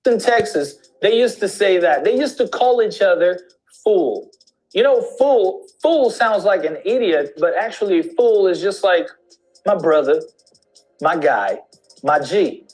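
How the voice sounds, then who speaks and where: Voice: mid-range voice, expressive, a little slow, a little mellow, soft background music, poor audio. An English teacher in an instructional video lesson, demonstrating slang greetings with repeated examples.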